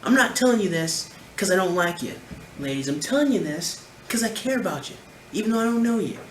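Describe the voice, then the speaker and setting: Lively, lecturing male commentator. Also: sits high, fairly quick. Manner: lecturing, emphatic, repeats points. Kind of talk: reaction commentary. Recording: roomy echo, faint background noise.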